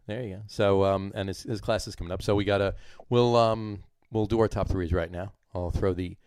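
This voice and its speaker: A man's voice: lowish voice, fairly even intonation, brisk, a little mellow, smooth, dry recording, clean studio sound. A man with a New Jersey accent co-hosting a podcast, chatting casually and rambling with many fillers and restarts. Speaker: podcast co-host. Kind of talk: casual chat.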